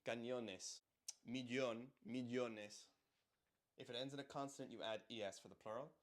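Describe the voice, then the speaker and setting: A man walks through grammar in a relaxed, chatty teaching voice. He sits at a middle pitch and keeps coming back to repeat short example phrases aloud. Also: normal speed. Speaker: Spanish teacher. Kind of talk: casual explanatory lesson.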